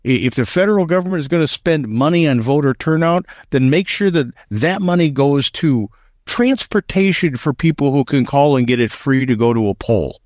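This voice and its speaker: A man's voice: fairly high pitch, lively intonation, normal speed, darkish tone, no echo. Emphatic opinionated man, dry sound. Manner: emphatic and opinionated, with frequent restarts. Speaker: co-host. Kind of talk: casual political talk show.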